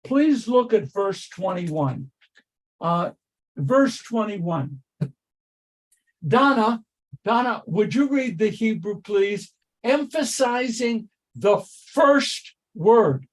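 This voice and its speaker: A man's voice: high-pitched, big pitch swings, very slow. An older man, a rabbi, leading a text study class over a video call, emphatic and repeating key phrases as he calls on students. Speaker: rabbi teaching Torah study.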